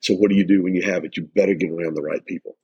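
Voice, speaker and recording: A middle-aged man with a very low, gravelly voice speaks earnestly on a motivational podcast. His tone is husky and he pushes his points with emphasis, often restarting his sentences. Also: steady tone, racing, dark tone, highs cut off. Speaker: life coach and podcast host.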